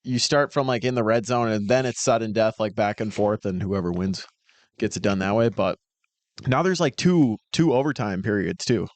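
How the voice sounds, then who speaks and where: A man's voice: lowish voice, normal speed, no room sound. A man co-hosting a casual sports podcast, rambling with lots of fillers and laughing easily. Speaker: podcast co-host. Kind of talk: casual chat.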